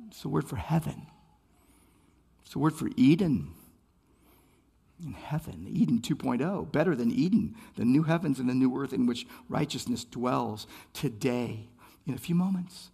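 A man's voice: medium pitch, lively intonation, normal speed, creaky, dark tone, slightly rough. A man preaching a sermon as pastor, impassioned, building phrases by repeating them.

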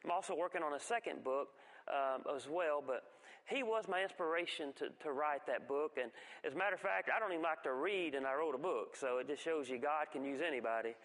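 A man giving a folksy church testimony, telling stories with halting restarts. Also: on the high side, a bit bright. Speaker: guest speaker giving testimony. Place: church sanctuary. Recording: long reverb of a church hall.

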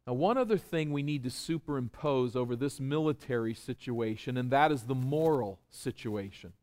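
A man's voice: medium pitch, normal speed, hardly any pauses, a little mellow. A man preaching an expository sermon. He explains step by step and puts rhetorical questions to his listeners with emphasis.

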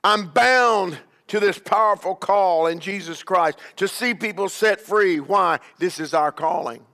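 A man's voice: high voice, measured pace, gravelly, pushed and bright, long reverb tail. A man preaching as a bishop, emphatic, with call-and-response and repeated questions to the congregation. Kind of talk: sermon.

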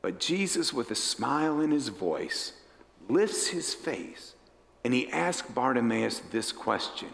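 A pastor preaching a storytelling sermon, dramatic and animated, acting out the characters as he goes. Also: medium pitch, slow, gravelly. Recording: echoey hall reverb.

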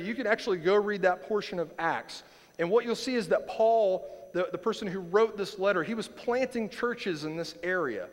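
A man preaching a sermon as pastor, earnest and emphatic, often repeating lines for stress. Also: high-pitched. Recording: long hall reverb.

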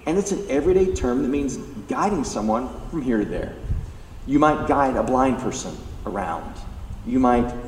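A pastor preaching a sermon, emphatic and animated, acting out the lines he quotes. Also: medium pitch, normal speed. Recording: echoey hall, distant mic, faint background noise.

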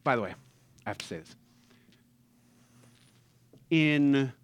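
A man preaching a sermon who acts out movie characters and swings between loud, excited bursts and hushed, tender tones. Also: mid-range voice, slow pace, a little hiss or hum. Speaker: pastor.

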